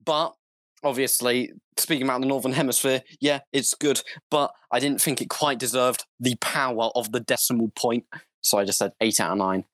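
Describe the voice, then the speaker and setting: A young man co-hosting a casual podcast over an online call, earnest and halting with many fillers. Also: mid-range voice, steady tone, a bit bright, no room sound. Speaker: podcast co-host. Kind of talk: casual opinion chat. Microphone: online call mic.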